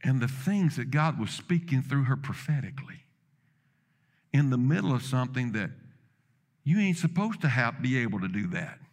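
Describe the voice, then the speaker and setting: Man preaching, mid-pitched voice, storytelling with quoted dialogue, loud emphatic peaks. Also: sing-song, normal speed. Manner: builds to loud emphatic peaks, then drops low. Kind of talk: sermon.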